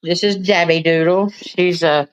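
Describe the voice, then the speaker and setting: A woman's voice: fairly even intonation, measured pace, clean tone, no room sound, lo-fi sound. A woman, chatting casually with livestream viewers in a rambling way and cooing at her pets. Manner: rambling, chatty, talks to pets in high baby voice. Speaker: livestream host. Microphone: phone.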